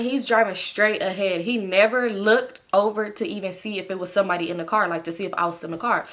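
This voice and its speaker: Slangy young woman telling a story. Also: medium pitch. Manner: animated, slangy, swears freely, addresses viewers as y'all. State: sleepy. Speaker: storytime vlogger. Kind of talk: casual storytelling to camera.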